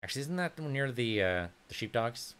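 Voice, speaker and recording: A man's voice: medium pitch, sing-song, normal speed, a bit bright, smooth. A man casually commenting on his own gameplay, thinking aloud and muttering to himself as he plays. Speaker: let's play gamer.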